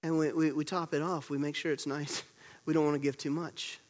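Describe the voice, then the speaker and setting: A man preaching a sermon as pastor, moving between loud urgent storytelling and quiet hushed emphasis, repeating words to drive points home. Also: fairly high pitch, level tone, brisk. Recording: long reverb of a large hall.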